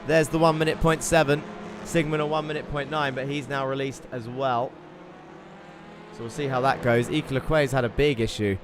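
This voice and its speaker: A man commentating an online sim race, excitable and chatty, reading out viewer messages between the action. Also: medium pitch, normal speed, background noise. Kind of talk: live esports race commentary.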